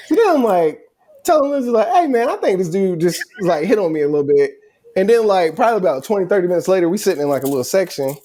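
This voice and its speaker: A young man co-hosting a casual travel recap, telling stories in an animated, rambling way full of restarts. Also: sits high, fast talker. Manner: animated storyteller, rambling with many restarts and fillers. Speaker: co-host.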